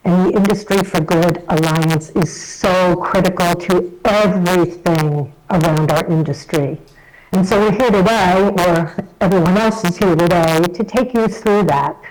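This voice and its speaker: A woman's voice: on the low side, unhurried, low-quality recording. Chatty American woman in a video message. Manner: warm, chatty and enthusiastic, with light self-deprecating humour. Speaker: association chief executive. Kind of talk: recorded video message to a conference. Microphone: self-recorded video message.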